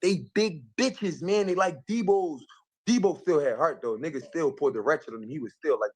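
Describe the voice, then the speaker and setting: High-voiced boxer talking trash. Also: male voice, fairly quick, slightly rough. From North Philadelphia. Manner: heated, boastful, streetwise slang. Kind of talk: fight-week trash talk interview.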